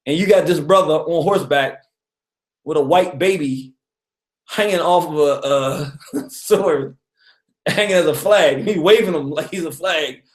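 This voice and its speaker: A man hosting a casual radio talk on history, an animated storyteller who chuckles often and acts out quotes. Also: on the high side, measured pace, reverberant. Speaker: radio show host.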